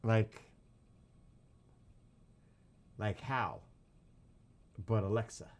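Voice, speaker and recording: Low-voiced man chatting on a livestream. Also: very slow. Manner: loose, profane storytelling. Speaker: livestream host. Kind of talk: casual livestream chat.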